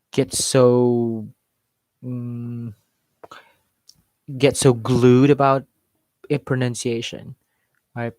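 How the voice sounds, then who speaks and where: A man who learned as a teaches in an unhurried, measured way. He often circles back to repeat a point for emphasis. His voice sits at an ordinary pitch and sounds dry and close. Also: darkish tone, no echo. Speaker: English accent coach. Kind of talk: unscripted teaching talk.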